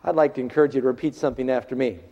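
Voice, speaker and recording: A man's voice: mid-range voice, steady tone, rapid-fire. Man preaching in a reverberant hall. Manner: preaching with big swings from raised outbursts to hushed lines. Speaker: pastor. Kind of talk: sermon. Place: church hall. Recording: dull reverberant hall recording.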